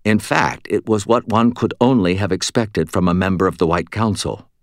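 A man reading a first-person story for an audiobook in a measured, expressive way, close to the mic. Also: sits low, no room sound. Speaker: audiobook narrator.

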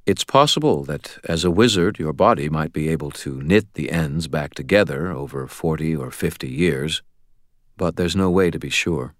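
A man voicing a calm, sorrowful male archangel in an audiobook, speaking in a measured, quietly firm way. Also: extremely low pitch, dry recording, studio quality. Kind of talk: audiobook character voice.

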